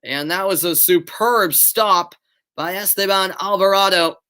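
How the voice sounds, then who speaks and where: A man's voice: sits high, measured pace, clear, resonant tone. A young man in his late teens with a light Boston accent gives live play-by-play of a soccer match. Between plays he chats casually with viewers, with fillers and hesitations. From Boston area, USA. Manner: chatty, answers viewers' chat between plays; animated calling of play, relaxed and hesitant in chat. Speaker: amateur play-by-play commentator. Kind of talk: live streamed play-by-play commentary with chat.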